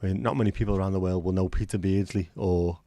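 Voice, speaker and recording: A man's voice: low-pitched, steady tone, fast talker, mellow, dry recording. A man hosting a casual livestream chat, chatty and sweary with self-deprecating humour. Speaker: livestream host.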